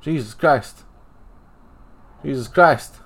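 A man hosting a podcast, casually commentating a football match as he watches it, swearing often and jumping between laid-back talk and excited outbursts into a handheld mic. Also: medium pitch, slow, gravelly, husky. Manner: profane, excitable reactions. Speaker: podcast host.

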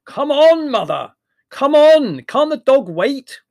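A lordly, irritable young man in a storybook, as a man narrator puts him on, pitched high and loud. He talks down to others with cold impatience. The reading is dry and close. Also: sing-song, quick pace, no echo. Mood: impatient. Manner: lordly and irritable, bellowing at times.

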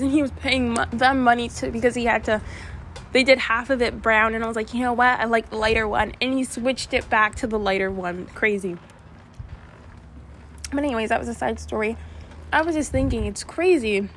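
There's a little hiss or hum behind this young woman's fairly high, fairly bright voice. As a vlogger, she rambles through a casual storytime for her audience, looping back with restarts and tangents.

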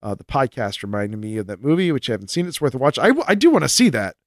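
A man's voice: mid-range voice, fast talker, no echo, clean studio sound. A man co-hosting a podcast, reading listener mail aloud in casual banter and laughing often. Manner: jokey, laughs often, lively delivery. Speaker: podcast co-host.

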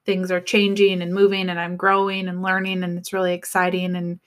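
A woman's voice: fairly low pitch, fairly quick. A young woman in casual chat, telling a story with lots of acted-out quotes. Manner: animated storyteller acting out quotes.

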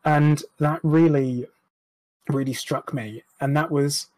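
A man's voice: fairly high pitch, steady tone, slow, darkish tone, no room sound. Frank, rambling man, dry sound. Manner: rambling, frank, self-deprecating, with restarts and swearing. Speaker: interview guest. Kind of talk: candid personal conversation.

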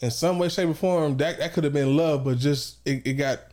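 A man in his twenties with a high-pitched voice, co-hosting a podcast in casual, slangy, animated chat. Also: moderate pace. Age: 20s. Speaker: podcast co-host.

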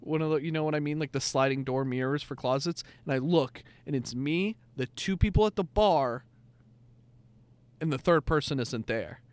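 A young man with a slightly higher voice rambles through a story on a podcast. He piles up fillers and curse words as he talks. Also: normal speed, darkish tone, smooth, no echo. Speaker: podcast co-host. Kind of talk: casual chat.

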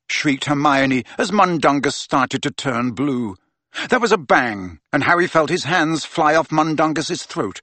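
A man narrates a novel aloud in an expressive reading voice. His pitch moves freely with the story. The sound is close and dry. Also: unhurried, no echo. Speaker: audiobook reader. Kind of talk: audiobook narration.

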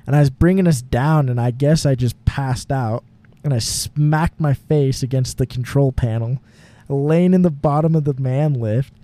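A man's voice: mid-range voice, moderate pace, mellow. A young man co-hosting a podcast, telling a long rambling story in casual chat, full of fillers and laughing often. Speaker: podcast co-host. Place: home garage.

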